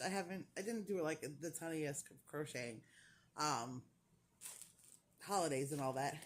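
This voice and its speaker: This is a woman chatting straight to her camera at home. Her voice sits a little low, and she tells her story loosely, laughing along the way and putting on voices for the people she quotes. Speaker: crochet vlogger. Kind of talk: casual chat.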